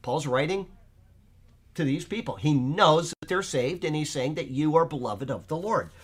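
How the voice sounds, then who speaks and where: A man's voice: on the high side, animated, normal speed, slightly rough. A man teaching an informal Bible study who thinks aloud with fillers and often checks in with his listeners.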